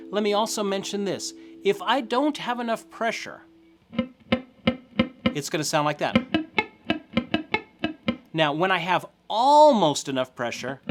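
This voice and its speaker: A middle-aged man teaching a guitar lesson step by step, encouraging and counting along, often checking in with "okay?". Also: high-pitched.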